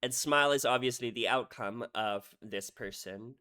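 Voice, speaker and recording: A man's voice: medium pitch, moderate pace, smooth. Emotional man breaking down lyrics. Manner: animated, says "right?" often, swings between loud and hushed. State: emotional, head hurting. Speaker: music reaction creator.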